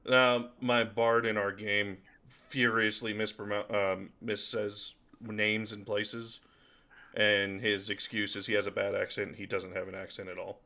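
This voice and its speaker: A man's voice: lowish voice, level tone, measured pace, sharp tone. A man chatting casually as a player in a tabletop game, loose and full of fillers.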